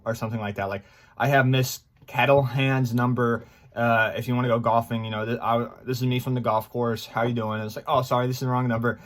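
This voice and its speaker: A man in his twenties talking to his viewers in a casual, rambling vlog, excitable and full of fillers. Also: medium pitch. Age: 20s. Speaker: gaming YouTuber.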